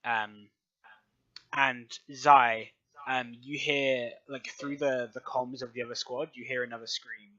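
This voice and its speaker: A man's voice: mid-range voice, steady tone, measured pace, pushed and bright, no room sound, highs cut off. A man narrating as game master of a tabletop game, rambling with many ums and likes.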